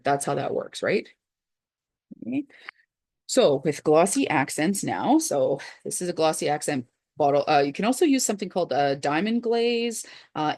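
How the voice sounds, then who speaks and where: A low-voiced woman with a gravelly edge talks through a craft project step by step. Her chatty tutorial delivery keeps circling back with little asides to the viewer. The sound is close and dry, with no room around it. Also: a little mellow, no echo. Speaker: craft channel host.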